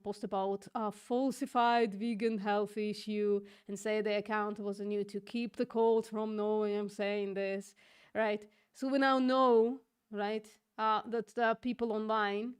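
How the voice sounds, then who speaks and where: A woman's voice: medium pitch, clean tone. A young woman streaming live, ranting and mocking an opponent with laughter and swearing. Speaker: streamer doing online outreach. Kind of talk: live-stream debate rant.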